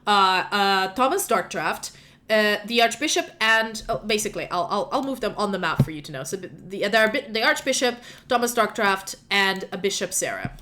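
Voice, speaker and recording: A woman's voice: mid-range voice, expressive, normal speed, bright, forceful tone. A woman game master narrating a tabletop role-playing game in a casual, chatty way with many fillers.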